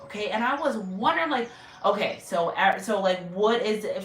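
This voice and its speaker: A woman's voice: fairly high pitch, lively intonation, moderate pace, a bit bright. A woman who reads tarot, talking in a casual, rambling and heartfelt way about spiritual messages, with many fillers and restarts. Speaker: tarot reader. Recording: roomy echo, distant mic, faint music.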